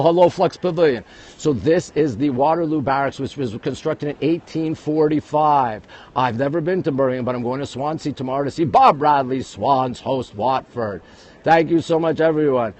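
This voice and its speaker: A man with a New York accent, hosting a live walking tour on his phone, talking quickly and greeting viewers all the time. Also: fairly high pitch, darkish tone. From United States. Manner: rapid-fire, greeting viewers constantly. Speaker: livestream host. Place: outdoors at a busy historic site. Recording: faint outdoor city noise.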